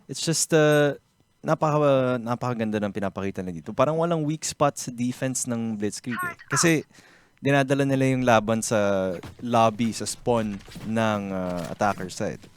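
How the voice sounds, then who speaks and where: A man giving measured, analytical color commentary on an esports match, mixing English and Tagalog. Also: medium pitch, clean tone. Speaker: esports co-caster.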